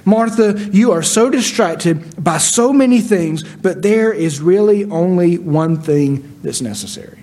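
A man preaching a sermon, expressive, acting out the words of biblical figures with rising and falling loudness. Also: high voice, unhurried, few pauses. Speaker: pastor.

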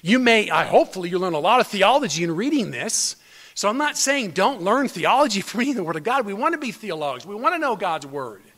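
A man's voice: sits high, sing-song, fast talker, a bit bright. A man preaching a sermon as pastor, earnest, restarting phrases and building to emphatic peaks. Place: church sanctuary. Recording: long hall reverb.

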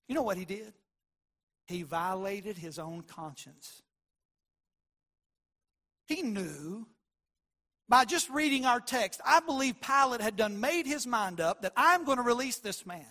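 Emphatic high-voiced preacher. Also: male voice, moderate pace. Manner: emphatic, repetitive, swings from loud declarations to quiet asides. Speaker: pastor. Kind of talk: sermon.

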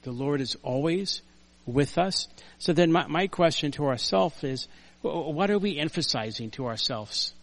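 An older man preaches to his congregation in a relaxed, storytelling way. His voice sits a touch higher than most men's, and he slides between soft, almost muttered asides and sudden loud, emphatic bursts. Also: moderate pace. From United States. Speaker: pastor. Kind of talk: conversational sermon. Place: church sanctuary.

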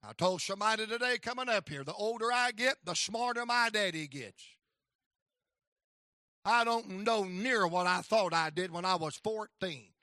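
High, bright-voiced preacher shouting. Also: male voice, moderate pace, no room sound, clean studio sound. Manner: impassioned preaching, rhythmic repetition, bursts of shouting. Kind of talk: sermon.

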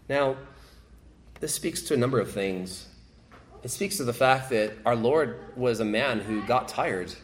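A man's voice: medium pitch, a little slow. A man preaching a sermon, repeating key phrases and rising sharply when he quotes pleas. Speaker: pastor.

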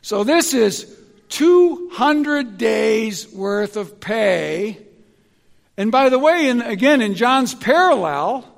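A man preaching a sermon in an animated, emphatic way, often restarting his sentences. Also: very high-pitched, slow, creaky, long reverb tail.

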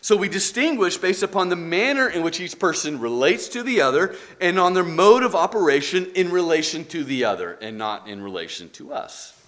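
A man teaching a church class in an earnest, explanatory way. His pitch moves a lot, climbing when he presses a point and dropping low as he winds down. He works through examples and asks questions aloud. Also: sing-song, a little fast, hardly any pauses, a bit bright. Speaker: Bible teacher.

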